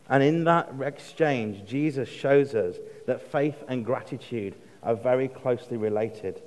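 An English man delivers a sermon in an ordinary mid-pitched voice, measured and deliberate. He slows right down for emphasis and softens to almost a hush when quoting. The long reverb of a church hall trails after every phrase. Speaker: preacher.

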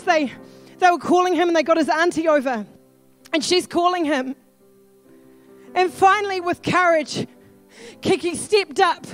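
A woman with a New Zealand accent preaches in a very high voice, earnest and pleading, her delivery rising at times into shouts. Soft music plays faintly beneath her sermon. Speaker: pastor.

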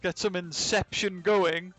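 Young dude streaming at a convention, rambly and jokey, high voice, faint music behind. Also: male voice, fairly even intonation, unhurried, a bit bright. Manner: rambling, joking, chatty. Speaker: game streamer. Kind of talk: casual live-stream chat. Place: convention venue.

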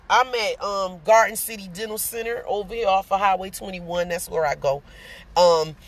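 A woman, chatting casually on a phone live stream from her car and telling an animated story. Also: on the low side. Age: 40s. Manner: chatty, animated storytelling, greets viewers by name. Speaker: vlogger. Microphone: phone camera.

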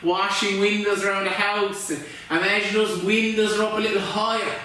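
A man leading a kids' yoga class with gentle, playful, encouraging instructions. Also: high voice, flat delivery, moderate pace. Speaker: yoga teacher. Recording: echoey room, mic far off.

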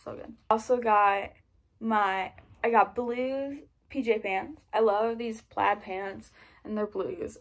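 A woman vlogging a casual gift haul in a chatty, gushing, excited way. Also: fairly high pitch.

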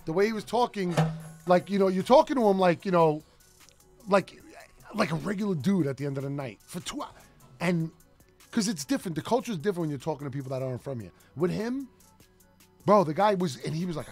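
A man's voice: fairly high pitch, expressive, fairly quick, soft background music. A man co-hosting a radio show, telling stories in loose, profane casual banter. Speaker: co-host.

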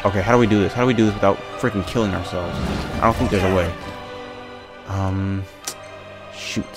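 Gamer guy, low-pitched, slangy and fed up, talking through his own gameplay with soft music under him. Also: steady tone, brisk. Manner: exasperated, ranting, muttering to himself; casual slangy talk. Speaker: gaming channel host. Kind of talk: let's play commentary.

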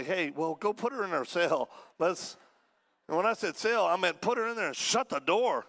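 A man preaching as a guest, telling a story in a lively way and acting out the voices of the people in it. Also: high-pitched, normal speed, vocal fry. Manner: animated, acts out quoted voices. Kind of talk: storytelling sermon.

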